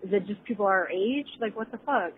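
A woman's voice: medium pitch, a little fast. A woman caller phoning in a sarcastic, profane mock news report. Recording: tinny phone line with faint background noise.

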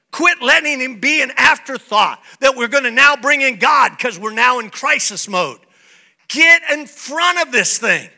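A male pastor preaching a sermon, swinging from soft playful asides to shouted declarations. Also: high voice.

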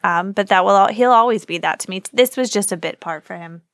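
A woman's voice: mid-range voice, a little fast, dry recording, clean studio sound. A woman co-hosting a casual podcast, chatting wryly while watching a movie, a bit sleepy. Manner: wry, joking. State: sleepy, yawning. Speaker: podcast co-host.

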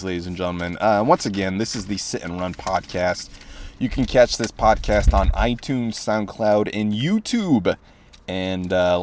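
A man's voice: low-pitched, a little mellow, a little hiss or hum. A man in his twenties hosting a solo podcast, rambling with lots of swearing and sarcasm. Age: 20s. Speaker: podcast host. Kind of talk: casual solo podcast monologue.

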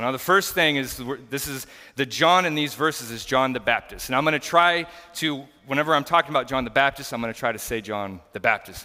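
Bright-voiced pastor in a reverberant church. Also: male voice, medium pitch. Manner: earnest and explanatory, teaching scripture plainly. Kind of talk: conversational sermon. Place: church sanctuary.

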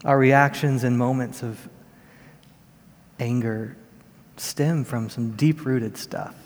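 A man in his thirties delivering a sermon as a pastor, in an earnest, measured storytelling manner. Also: mid-range voice, steady tone, darkish tone. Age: 30s. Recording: long reverb of a large hall.

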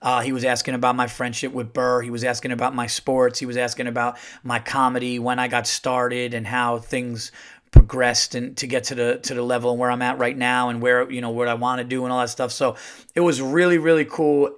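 A man's voice: mid-range voice, clear, resonant tone. A middle-aged man, a comedian hosting his podcast, telling a casual story and acting out the dialogue. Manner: animated, acts out quoted dialogue.

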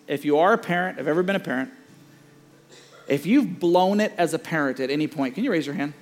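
High-voiced pastor preaching in a reverberant hall. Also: male voice. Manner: animated storytelling, voices characters in high pitch. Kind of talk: sermon.

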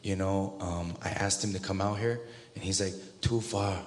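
A man's voice: deep voice, steady tone, moderate pace. A man from Southern California giving a casual personal testimony as an interview guest, acting out the voices of the people in his story and laughing often. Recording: long reverb, faint noise.

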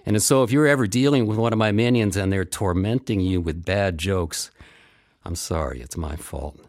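A man's voice: low voice, normal speed, darkish tone, no room sound, clean studio sound. A man telling a first-person story in a wry, meandering way, repeating phrases for effect.

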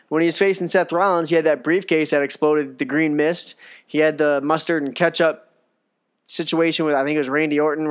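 Male podcast host, slightly high voice, smooth and clear, sarcastic, excitable. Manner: excitable, sarcastic, rambling with fillers. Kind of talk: casual wrestling recap.

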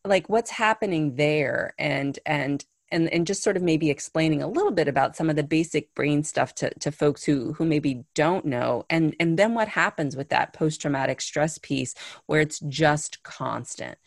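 A woman with a low voice hosts a conversational interview. Her tone is gravelly, and she thinks aloud in a reflective, searching way. The recording is close and dry. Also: normal speed, hardly any pauses, dry recording.

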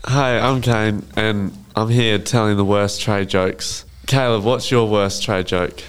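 A teenage man co-hosting a casual student podcast and telling short jokes in a deadpan way. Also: fairly low pitch, slow pace, soft background music.

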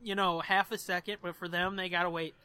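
A man's voice: sits high, flat delivery, brisk, bright, forceful tone, clean tone, no echo. A man co-hosting a podcast in casual chat, swearing freely, laughing often and telling jokes. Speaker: podcast co-host.

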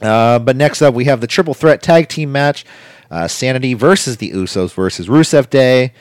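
A man co-hosting a casual chat, recapping a wrestling show in a rambling way with quick impressions. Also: mid-range voice, animated, no echo, studio quality. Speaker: podcast co-host recapping wrestling.

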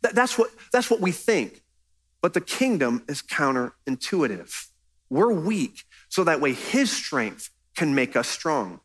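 A man's voice: a little high, big pitch swings, unhurried, a bit bright, husky. A man preaching a sermon as pastor, earnest and conversational, pressing his points with emphasis.

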